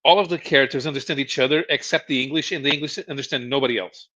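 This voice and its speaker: Guy co-hosting a chat stream, bright voice, lots of restarts, kinda dull lo-fi sound. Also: mid-range voice. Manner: halting, many restarts and chuckles while explaining. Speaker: podcast co-host. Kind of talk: casual chat.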